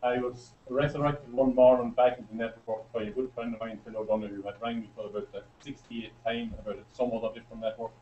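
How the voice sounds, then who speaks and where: A middle-aged Irish man giving a chatty, storytelling speech to a live audience, getting excited as he goes. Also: medium pitch, slight background noise. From Ireland. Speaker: presenter at a business meeting. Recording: muffled lo-fi recording.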